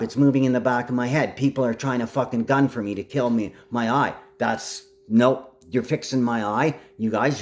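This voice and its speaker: A man's voice: medium pitch, darkish tone. A man talking to camera in a rambling, agitated monologue, addressing absent people directly.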